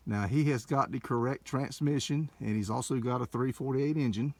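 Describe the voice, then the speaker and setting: An older man, a car dealer, giving an excited, folksy walkaround and talking to viewers as folks, recorded on a handheld camera mic. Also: mid-range voice, moderate pace, no echo. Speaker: classic car dealer showing a car. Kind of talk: casual walkaround narration.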